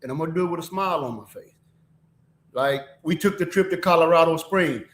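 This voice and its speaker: A man's voice: on the high side, a little fast, fairly bright tone, reverberant. A man, a guest chatting casually and easygoingly. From Mississippi. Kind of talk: casual interview chat.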